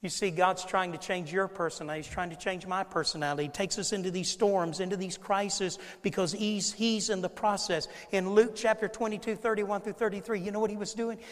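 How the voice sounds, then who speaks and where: High-voiced preacher in a reverberant church. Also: male voice, fairly even intonation, fairly quick, hardly any pauses. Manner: preaching with dramatic swings in volume, acting out quoted speakers. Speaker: pastor. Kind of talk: sermon. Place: church sanctuary.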